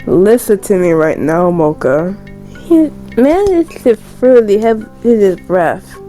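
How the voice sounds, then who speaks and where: A woman voicing a grumpy young male rabbit in a dating game, scolding slowly and firmly. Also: medium pitch, sing-song, mellow, faint music behind. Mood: stern. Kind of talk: game dialogue read aloud.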